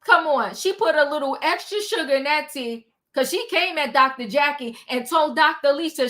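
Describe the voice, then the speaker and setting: A woman hosting a livestream, recapping a reality show in sassy, animated casual chat. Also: sits high, normal speed, hardly any pauses. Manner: animated, sassy, talks back to the people she recaps.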